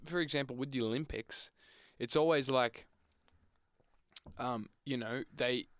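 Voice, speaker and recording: Easygoing co-host, chiming in. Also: male voice, mid-range voice, a bit bright, clear, resonant tone, dry recording. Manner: agreeable, chuckling, quick to chime in. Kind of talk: casual chat.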